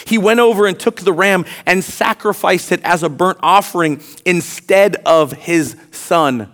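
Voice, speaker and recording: A high-pitched man preaching as pastor reads scripture aloud, his delivery swinging from quiet and drawn out to loud and emphatic.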